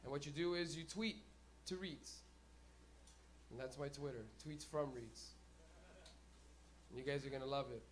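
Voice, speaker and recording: A man's voice: medium pitch, normal speed, pauses often. A man hosting a comedy night, talking loosely and profanely and laughing at his own jokes. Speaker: stand-up comedian and host. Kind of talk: stand-up comedy. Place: comedy club stage.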